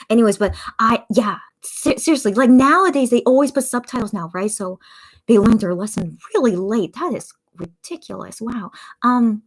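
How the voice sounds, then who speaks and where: A young woman hosting a casual livestream, chatting emotionally and reading viewer comments aloud. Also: on the high side. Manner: gushing, emotional, chatty, reads out chat comments. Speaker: livestream host reacting with fans. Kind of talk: casual watch-party livestream.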